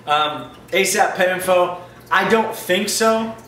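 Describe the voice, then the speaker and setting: A man's voice: high-pitched, slow pace, fairly bright tone, distant mic. A man answering viewer questions in a casual, upbeat video chat about his aquarium. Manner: chatty, upbeat, loose and informal. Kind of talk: casual Q&A vlog. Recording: roomy echo, mic set back, faint ambient noise.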